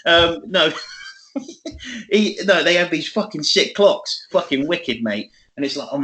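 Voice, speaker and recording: A man's voice: fairly high pitch, lively intonation, moderate pace, sharp tone. A young man in his twenties chats on a podcast. He rambles from point to point, swears often and breaks into laughs. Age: 20s. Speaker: podcast co-host. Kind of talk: casual chat.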